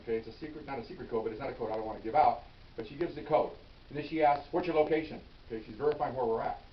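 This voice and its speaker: An older man, a retired police officer, tells a story from his patrol days in a quick, conversational way. He acts out each line of dialogue and keeps adding "okay?" asides. The sound is roomy and distant, dull and a little lo-fi, with a faint hiss. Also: medium pitch. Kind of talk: casual anecdote storytelling.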